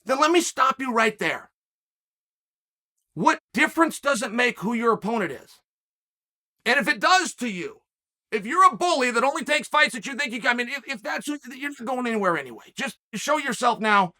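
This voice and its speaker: Man, host, emphatic solo commentary, rhetorical challenges, bright forceful voice. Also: extremely high pitch, big pitch swings, brisk. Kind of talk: animated solo commentary rant.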